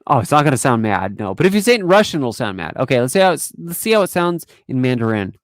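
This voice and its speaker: A woman with a low voice and a lively, bouncing delivery hosts a casual live stream chat. She chats, laughs and reads out translations. The sound is dry and close. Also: fast talker, dry recording.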